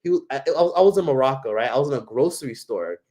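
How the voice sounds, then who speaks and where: A man's voice: mid-range voice, expressive, fast talker, mellow. Rambling man with lots of fillers. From United States. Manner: rambling, heavy on fillers and profanity. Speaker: travel vlogger. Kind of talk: casual storytelling.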